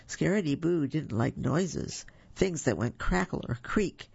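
A woman reads a children's story aloud on a radio reading service, slow and gentle. Her voice is husky with a gravelly edge. The studio recording is dry and somewhat dull. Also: low-pitched, lively intonation, no room sound. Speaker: volunteer reader for a reading service.

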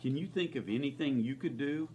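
An actor playing a kindly, earnest small-town reverend who speaks calmly. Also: male voice, medium pitch, a little hiss or hum, close to an everyday voice. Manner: calm, earnest, slow. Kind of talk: drama scene.

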